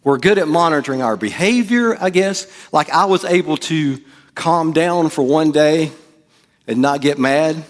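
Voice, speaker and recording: This male pastor sounds a little high and talks a little slowly. His sermon in the church is conversational and full of jokes, with quotes he performs in character.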